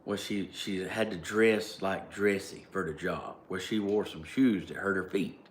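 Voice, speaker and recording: A low-pitched man with a Southern American drawl talks straight to the camera, looping through fillers and restarts before landing his points with sudden force. His voice rings off the walls of a roomy space, with faint ambient noise underneath. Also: steady tone, measured pace. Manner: rambling, heavy on "like", restarts, emphatic bursts. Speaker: vlogger. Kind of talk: casual storytelling monologue.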